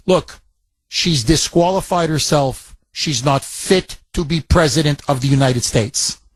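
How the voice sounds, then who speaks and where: A man's voice: a little high, no room sound. A man co-hosting a talk radio show, ranting with indignation, repeating and restarting his phrases.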